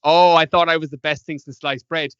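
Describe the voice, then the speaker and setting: A man's voice: on the high side, level tone, brisk, fairly bright tone, clean tone, no room sound. An Irish man, a podcast guest, telling stories in a casual interview and acting out past conversations with animation. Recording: dull lo-fi dry sound.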